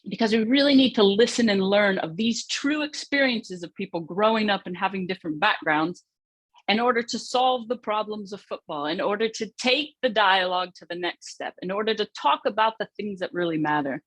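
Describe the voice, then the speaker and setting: A woman's voice: medium pitch, fairly quick, dry recording. A woman giving an earnest, reflective keynote speech, telling a personal story and asking rhetorical questions. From United States. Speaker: conference speaker, former footballer.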